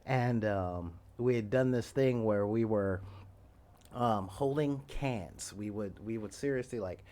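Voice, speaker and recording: A man in his forties telling a story in a loose, rambling way, often laughing and acting out the quoted lines loudly. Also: fairly low pitch, slow. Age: 40s. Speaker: podcast host. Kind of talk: casual storytelling.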